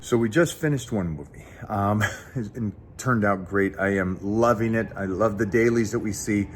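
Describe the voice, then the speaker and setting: A man's voice: lowish voice, normal speed, slight background noise. A man hosting a fitness talk show, speaking earnestly and directly to his viewers. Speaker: show host. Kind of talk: casual chat and direct sponsor pitch.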